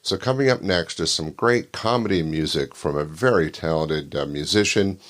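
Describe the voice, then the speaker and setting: An older man hosting a comedy show, introducing the next act in a relaxed way with lots of filler words. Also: deep voice, moderate pace. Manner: relaxed, filler-heavy talk. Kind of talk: casual introduction.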